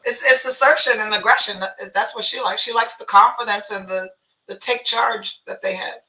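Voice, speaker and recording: A woman's voice: a little high, fairly even intonation, normal speed, pushed and bright, distant mic, rough recording. A woman in her fifties giving dating advice in casual chat, confident and matter-of-fact. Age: 50s. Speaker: relationship guru and talk show guest.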